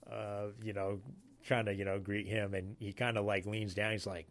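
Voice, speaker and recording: A deep-voiced man from Alaska tells a story from his time in the Navy. He talks casually and haltingly, full of fillers and restarts. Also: flat delivery. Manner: rambling, halting, many fillers. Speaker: Navy sailor telling a story. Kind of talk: casual spoken anecdote.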